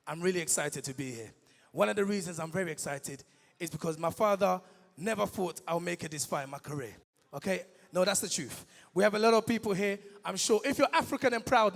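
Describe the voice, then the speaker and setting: High-voiced, gravelly stand-up comedian. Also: male voice. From Congo. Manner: animated, addresses the crowd directly. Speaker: comedian host. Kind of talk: stand-up storytelling at a live event. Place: large event hall, on stage. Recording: long hall reverb.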